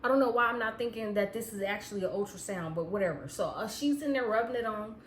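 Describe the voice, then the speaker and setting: A young woman telling a personal story in a casual, profane, animated way, often breaking into laughter. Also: medium pitch, quick pace, slight background noise. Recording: echoey room with faint ambience.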